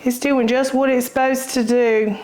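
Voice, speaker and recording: A cooking channel host from the Southern United States demonstrates home cooking in her kitchen, her high voice steady and a bit dark at a moderate pace. She's folksy and chatty, says "y'all," and laughs easily. There's slight background noise.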